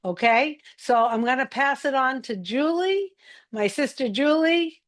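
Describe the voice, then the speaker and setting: A woman's voice: sits high, animated, unhurried. A woman giving encouraging instructions on a live online group call. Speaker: community group speaker.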